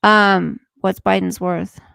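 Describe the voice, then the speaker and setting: A woman's voice: mid-range voice, steady tone, slow pace, gravelly, fairly bright tone, clean tone, no echo. A woman hosting a casual livestream, ranting indignantly, swearing, and reading news aloud to her viewers. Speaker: livestream host.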